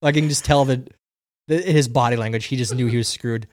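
A man's voice: mid-range voice, a little fast, a little mellow, no room sound, studio quality. A young man hosting a podcast, casually telling a funny story and laughing often. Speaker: podcast host.

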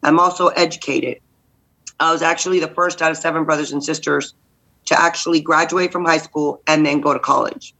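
A middle-aged woman from Texas, a guest candidate telling lively stories in a podcast interview and acting out the voices in them. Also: sits low, fairly quick, husky, low-quality recording. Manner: lively, acts out voices in anecdotes. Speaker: guest, state senate candidate. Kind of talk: animated storytelling in a podcast interview.

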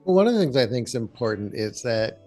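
A man, a therapist, calmly explaining parenting advice as a guest in an interview, posing reflective questions. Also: medium pitch, quick pace, soft background music. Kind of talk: conversational advice in a podcast interview.

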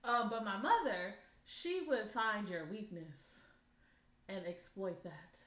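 A woman with a bright, crisp voice talks through stories in an easygoing chat. She is relaxed and chatty and laughs easily. The room around her is echoey. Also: medium pitch, slow pace. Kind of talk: casual chat.

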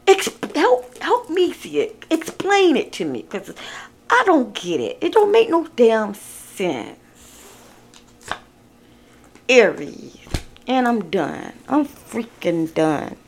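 Slow, blunt woman reading tarot. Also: fairly high pitch, sing-song. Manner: blunt, exasperated and profane, talking straight to the viewer. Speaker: tarot card reader. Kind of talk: casual spoken tarot reading.

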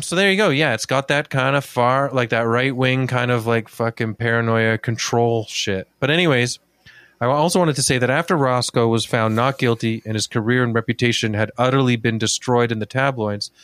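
A man's voice: medium pitch, moderate pace, a bit bright, smooth, no echo, studio quality. A man co-hosting a casual talk podcast, telling a story in a chatty way, swearing freely and filling with "like". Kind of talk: casual chat.

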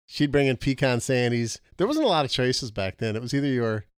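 Animated, joking middle-aged man. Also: medium pitch, a little fast, clean tone, dry recording, clean studio sound. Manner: laughs often, self-deprecating joking. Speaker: podcast co-host. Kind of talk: casual chat. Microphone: podcast mic.

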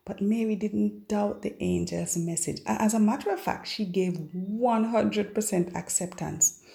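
A woman teaching a devotional Bible lesson, telling it as an expressive, dramatic story. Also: mid-range voice, unhurried, vocal fry. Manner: expressive, dramatic storyteller who acts out scripture.

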